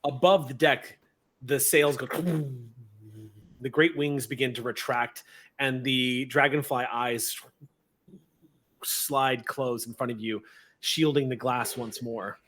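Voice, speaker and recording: A man's voice: mid-range voice, fairly even intonation, takes it slowly, pauses often, fairly bright tone. A man running a tabletop game as game master, narrating scenes in a descriptive, playful way and laughing often.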